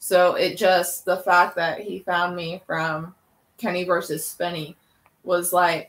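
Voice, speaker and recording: A woman's voice: on the low side, little pitch movement, slow pace, fairly bright tone, rough recording. A woman co-hosting a casual video chat, talking in a chatty, enthusiastic way. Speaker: co-host.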